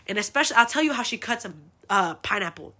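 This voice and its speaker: Bright-voiced young woman telling stories. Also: medium pitch, animated, fast talker. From United States. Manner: chatty, swears freely, lots of fillers. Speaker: host. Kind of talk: casual storytelling monologue.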